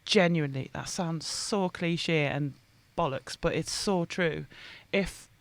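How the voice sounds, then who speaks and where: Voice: mid-range voice, slow, no echo. A guest who runs a shop, talking bluntly and candidly with casual swearing. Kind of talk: casual conversational interview.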